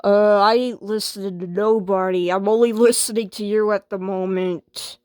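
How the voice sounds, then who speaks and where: A woman's voice: medium pitch, steady tone, moderate pace, darkish tone, smooth, no room sound, clean studio sound, pitched below the performer's own voice, lightly acted. A woman voicing a stubborn, whiny female washing machine in a homemade skit, defiant and slangy.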